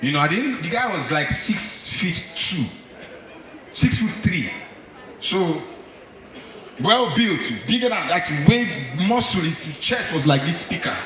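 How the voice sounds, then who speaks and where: A man doing stand-up, telling a story in an animated way and speaking straight to the men in the audience. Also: fairly high pitch, slow pace, noisy background. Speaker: stand-up comedian. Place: comedy club stage. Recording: echoey live club, from far off, crowd.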